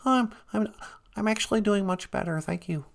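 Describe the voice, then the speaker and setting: Woman performing a shy, stuttering male puppet frog; gravelly, hesitant caller. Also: medium pitch, moderate pace, natural voice. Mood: sheepish. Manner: stammering, timid.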